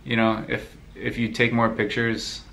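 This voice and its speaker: A young man chats through viewer questions in a loose, rambling way, laughing easily as he goes. His voice sounds bright and lively. A faint background hum sits behind him. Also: medium pitch, measured pace, gravelly. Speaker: vlogger answering viewer questions. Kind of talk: casual Q&A chat.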